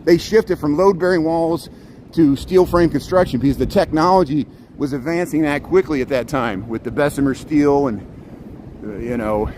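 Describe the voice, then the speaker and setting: A man's voice: fairly high pitch, normal speed, darkish tone. A man, live-streaming a walking tour, pointing things out in a chatty way and often restarting his sentences. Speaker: vlogger streaming a city walk. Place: walking outdoors on a city street, then inside a building arcade. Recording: echoey arcade, traffic noise.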